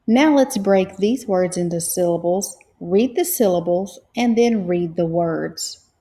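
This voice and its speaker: A woman teaching reading at a slow, careful pace, breaking words into syllables and spelling out letters. Her voice has a gravelly edge of vocal fry, and her tone stays patient throughout. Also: fairly low pitch, warm tone. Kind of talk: slow, clear phonics lesson.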